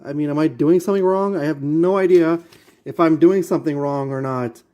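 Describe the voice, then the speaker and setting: A man's voice: a little high, brisk, dark tone. Exasperated man muttering through a build. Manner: exasperated, muttering, repeating himself. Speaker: vlogger building a model kit. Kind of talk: casual talk while assembling.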